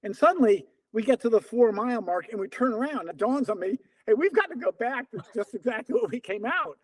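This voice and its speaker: A man of about seventy, a veteran distance runner, tells stories as an interview guest in a conversational way. His voice is extremely high-pitched and brisk, and he livens things up by acting out remembered dialogue in quotes.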